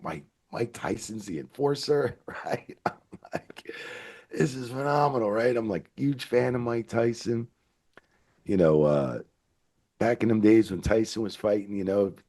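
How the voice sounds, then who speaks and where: Deep gravelly man telling lively stories. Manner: excitable, swears, leaps up in pitch when retelling stories. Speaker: retired wrestling referee, guest. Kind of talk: animated storytelling in a podcast interview.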